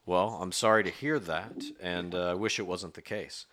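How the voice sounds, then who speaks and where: Bright-voiced deadpan man hosting. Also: low voice, moderate pace. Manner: deadpan, mock-earnest host patter. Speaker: podcast host. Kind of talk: comedic call-in bit.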